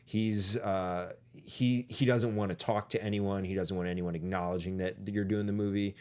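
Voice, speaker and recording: A man's voice: low-pitched, fairly even intonation, moderate pace, darkish tone. A man hosting a film podcast in a casual, chatty way, often acting out lines from the movie. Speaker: podcast host.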